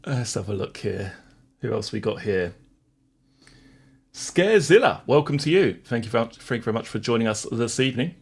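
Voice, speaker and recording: A man's voice: mid-range voice, expressive, fairly quick, husky. A man hosting a live stream, chatting to viewers and reading court transcripts in a plain voice, wry and sarcastic toward critics.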